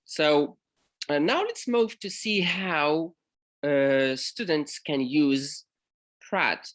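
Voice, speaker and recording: A man from Morocco, a university lecturer, giving an academic conference presentation in a halting way, with frequent pauses and self-corrections. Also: fairly high pitch, expressive, fairly bright tone.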